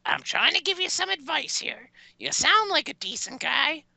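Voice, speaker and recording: A woman's voice: high-pitched, big pitch swings, moderate pace, creaky, sharp tone, dry recording, full character voice. A woman voicing a tiny, menacing self-styled killer who calls in to a show, talking tough and sarcastic in improvised comedy. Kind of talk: improvised comedy role-play.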